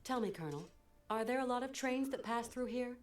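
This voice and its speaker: A woman's voice: on the high side, animated, brisk, lightly acted. An actress with an American accent playing a composed, curious woman traveler in a video game, asking polite questions.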